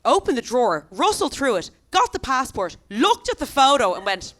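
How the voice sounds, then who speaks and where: A woman's voice: high-pitched, moderate pace, slight background noise. Irish woman doing punchy stand-up. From Ireland. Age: 30s. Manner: chatty, animated, punchy asides to the crowd. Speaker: stand-up comedian. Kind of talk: stand-up comedy set. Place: comedy club stage with a live audience.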